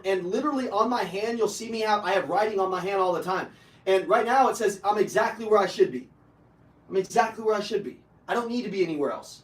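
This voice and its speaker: A man coaching salespeople live, with a high voice and a brash, profane delivery that climbs into shouting. He sounds set back from the microphone, and his voice rings in a reverberant room. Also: distant mic. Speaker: sales trainer. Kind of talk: live motivational sales training. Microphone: online video call.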